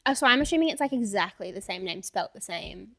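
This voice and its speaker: A woman's voice: medium pitch, lively intonation, fast, gravelly, pushed and bright, husky. A young Australian woman co-hosting a podcast, giggly and easily amused while giving advice. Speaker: podcast co-host. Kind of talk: casual chat, giving advice.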